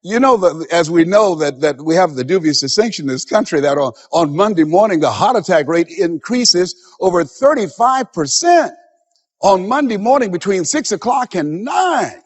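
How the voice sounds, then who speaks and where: Emphatic male motivational speaker, lively pitch. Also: normal speed, husky, big-room sound. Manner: emphatic, preacher-like delivery that acts out quoted voices. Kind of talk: motivational seminar speech.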